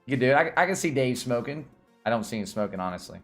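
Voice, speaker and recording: A man's voice: medium pitch, fast talker, soft background music. A man from Tennessee with a Southern accent, chatting casually as a livestream host and laughing often. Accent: Southern American. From Tennessee, USA. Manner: laughs often, lively and excitable.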